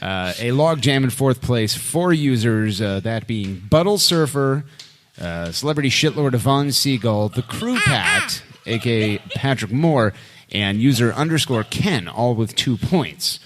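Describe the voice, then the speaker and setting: A man co-hosting a podcast, reading out a fan leaderboard in crude, deadpan banter. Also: a little slow. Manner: deadpan, profane, lively pitch.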